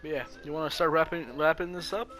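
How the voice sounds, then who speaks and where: A man's voice: a little high, fairly even intonation, quick pace, a bit bright, faint music behind. Easygoing, giggly podcast man. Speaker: podcast co-host. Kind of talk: casual chat.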